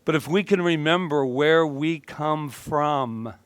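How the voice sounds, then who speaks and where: A man's voice: on the high side, slow pace, clean tone, dry recording. Chatty joking male minister. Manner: casual, joking, chatty with the congregation. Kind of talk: conversational sermon.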